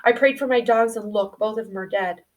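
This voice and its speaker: Heartbroken farm boy voiced by a woman, pleading, strained higher pitch, slightly distant sound. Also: a little fast, dull audio, natural voice. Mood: anguished.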